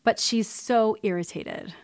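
A woman's voice: mid-range voice, a little slow, a little mellow. A woman giving opinion commentary in a sarcastic, indignant way.

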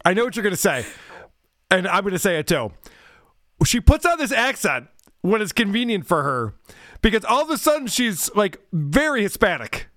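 A man co-hosting a comedy podcast, high-voiced and sarcastic. He mocks what he watches with big swoops in pitch. The sound is dry and close to the mic. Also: big pitch swings, normal speed, fairly bright tone, dry recording. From Germany. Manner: sarcastic, mocking, laughs often. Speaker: podcast co-host. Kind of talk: casual comedy chat.

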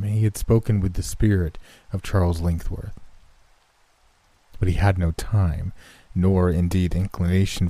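A man reads a horror story aloud in a deep, very dark, husky voice. His pacing is slow and measured, and the recording is dry and close with no room sound. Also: no room sound. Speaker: narrator.

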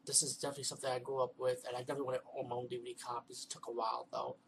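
Flat-voiced man rambling through a review. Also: mid-range voice, rapid-fire, slight background noise, low-quality recording. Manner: rambling with many fillers and restarts. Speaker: video reviewer. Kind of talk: casual home video review.

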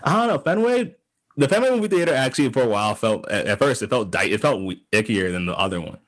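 A man's voice: medium pitch, lively intonation, quick pace. A man hosting a podcast, telling a long story in casual chat, full of restarts and acted-out quotes. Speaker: podcast host.

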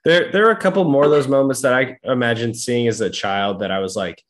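Casual co-host, man, dry wry delivery, lots of deadpan quoted asides. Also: mid-range voice, fairly quick, hardly any pauses. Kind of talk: casual movie chat.

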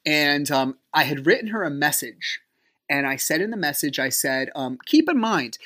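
A man hosting a podcast, talking through a personal story in a loose, conversational way. His speech is full of fillers and dry, exasperated asides. He leaps up in pitch when he acts out what others said. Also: sing-song, moderate pace, pushed and bright. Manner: casual and conversational, with frequent fillers; acts out quoted dialogue with big pitch jumps. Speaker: podcast host.

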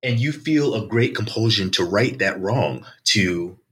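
A man with a very low voice and a bright, forceful tone, explaining his research in a measured, articulate way. He sounds like a professor in his thirties answering an interviewer's questions. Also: lively intonation, breathy edge. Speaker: author and political science professor.

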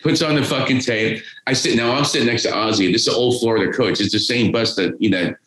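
A man's voice: medium pitch, quick pace, a bit bright. A man, telling a rambling, profane story as a podcast guest. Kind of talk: casual storytelling. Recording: roomy echo.

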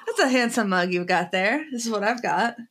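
A woman's voice: mid-range voice, a little fast, background noise. A woman co-hosting a podcast in casual chat, telling stories with lots of laughs and fillers. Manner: giggly, animated storytelling with many fillers. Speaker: podcast co-host.

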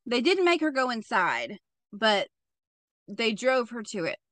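A woman's voice: on the high side, very animated, unhurried, fairly bright tone, no room sound. Chatty profane woman telling a crime story. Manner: chatty and profane, with frequent "like" fillers. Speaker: podcast host. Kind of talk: casual true-crime storytelling.

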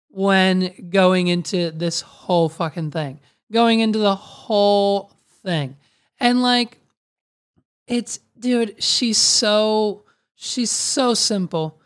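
A woman riffing on a clip in casual comedic commentary, rambling and crude. Her voice sits at a middle pitch, and she loops back over her own phrases. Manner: rambling, crude, full of likes.

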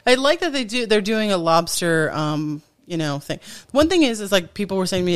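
A woman's voice: on the low side, lively intonation, normal speed. A woman co-hosting a podcast in casual chat, talking freely with lots of fillers and restarts. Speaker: podcast co-host.

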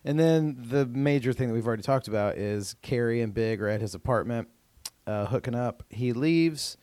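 A man's voice: medium pitch, moderate pace, darkish tone, no room sound. A man co-hosting a podcast, chatting casually as he recaps a TV episode, with lots of "um" and "uh" and restarts. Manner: rambling with many fillers and restarts. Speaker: podcast co-host.

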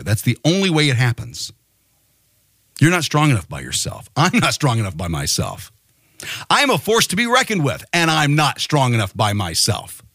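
A man's voice: medium pitch, no echo, clean studio sound. A man hosting a podcast, delivering a rousing monologue full of rhetorical questions. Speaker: podcast host.

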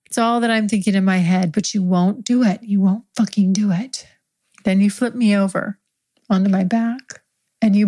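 Warm-voiced woman telling an intimate story. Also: medium pitch. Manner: intimate, hushed, drops to whispers at times. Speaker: erotic audio storyteller. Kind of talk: improvised intimate storytelling in second person.

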